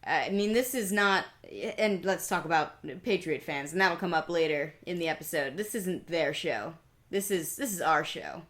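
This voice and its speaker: A young adult woman co-hosting a podcast in casual chat, with a dry, deadpan, sarcastic delivery. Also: fairly low pitch, normal speed. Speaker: podcast co-host.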